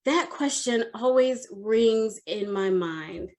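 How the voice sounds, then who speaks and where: Animated woman telling a story. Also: fairly high pitch, takes it slowly. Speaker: career development coach. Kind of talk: motivational storytelling talk.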